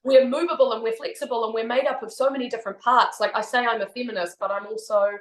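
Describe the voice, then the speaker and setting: A woman's voice: a little high, steady tone, fast talker. A woman in her thirties with a New Zealand accent, a podcast guest talking candidly and reflectively, laughing often. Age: 30s. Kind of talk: casual chat. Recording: roomy echo.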